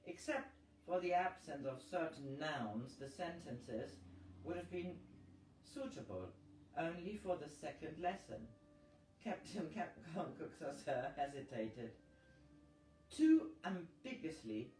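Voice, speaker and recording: Slow-reading man in a roomy space. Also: on the high side, animated, darkish tone, faint music behind. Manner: slow, measured reading with occasional slips. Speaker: audiobook reader. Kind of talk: novel read aloud. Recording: roomy, distant mic with faint noise.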